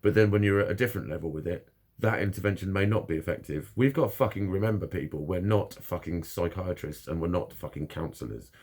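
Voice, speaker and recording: A man's voice: sits low, fast talker, a little mellow. A man talking frankly and bluntly in a casual monologue, swearing constantly as he opens up about his own experiences. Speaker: vlogger.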